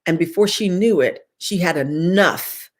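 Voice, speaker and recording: A woman's voice: fairly low pitch, unhurried. A woman guest speaking over a video call, giving a fervent, preacher-like inspirational testimony and repeating phrases for emphasis.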